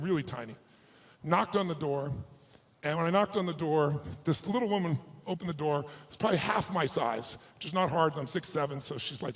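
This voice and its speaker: A man's voice: a little high, poor audio. Emphatic man giving a motivational talk. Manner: emphatic, shifts often between hushed and raised delivery. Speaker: motivational speaker. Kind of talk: live motivational speech with personal storytelling.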